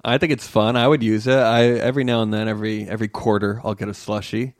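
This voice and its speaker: A man's voice: fairly low pitch, little pitch movement, quick pace, no echo. A man co-hosting a comedy podcast, laid-back and tossing in dry quips. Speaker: podcast co-host. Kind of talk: casual comedic podcast chat.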